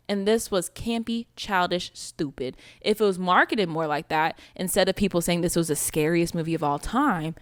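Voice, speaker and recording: A woman's voice: on the low side, dry recording, studio quality. A young woman co-hosting a casual podcast chat, blunt and laughing often as she swears through her opinions. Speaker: podcast co-host.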